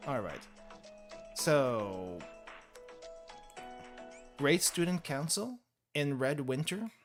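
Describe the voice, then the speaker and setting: Speaking extremely slowly in a sing-song voice of fairly high pitch, a young man streams gameplay. He rambles, corrects himself and laughs a lot over game music.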